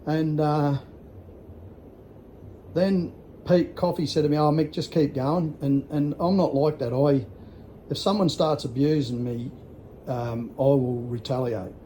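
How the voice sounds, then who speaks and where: A man's voice: a little high, fairly even intonation, takes it slowly, pauses often, warm tone, slight background noise. An Australian man in his sixties telling a rambling story in a casual vlog, blunt and full of swearing. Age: 60s. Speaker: vlogger.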